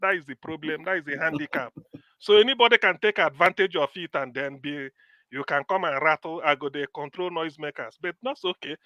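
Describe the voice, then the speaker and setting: Bright-voiced Nigerian man moderating. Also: fairly high pitch, fairly quick, no echo, lo-fi sound. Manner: firm, insistent, mixes in pidgin. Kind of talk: moderating a live online panel.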